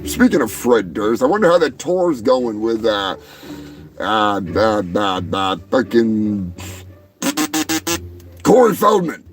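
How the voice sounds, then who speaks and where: A man hosting a comedy show, ranting in a rambling, profane way that often breaks into shouting. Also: lowish voice, big pitch swings, slow, long pauses, soft background music. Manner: rambling, shouting, heavy swearing. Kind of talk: profane comic rant.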